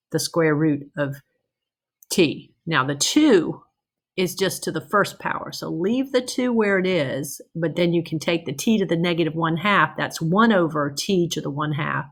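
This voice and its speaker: A woman teaching math in a recorded lecture, working through problems in a conversational way, checking in with "okay?" and correcting herself as she goes. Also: low-pitched.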